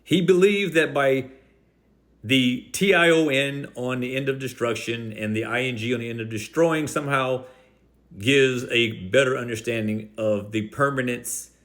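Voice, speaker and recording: A man hosting a Christian video, rebutting an opponent directly in a combative voice and stressing key words slowly. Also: medium pitch, fairly bright tone. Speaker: Christian apologetics video host.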